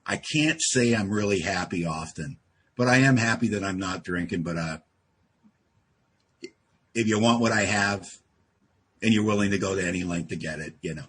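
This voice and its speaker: A man's voice: low-pitched, moderate pace, long pauses, fairly bright tone, slightly rough. A man speaking at a support group meeting, telling a personal story with self-deprecating, wry humor. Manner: self-deprecating, wry, acts out quoted exchanges.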